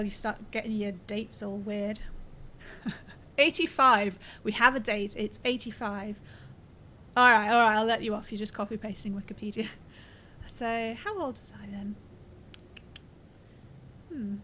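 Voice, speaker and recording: A woman's voice: a little high, sharp tone, slight background noise, low-quality recording. Chatty woman streaming a game. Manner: chatty, reads game text aloud, swears and laughs freely. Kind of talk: casual gameplay commentary.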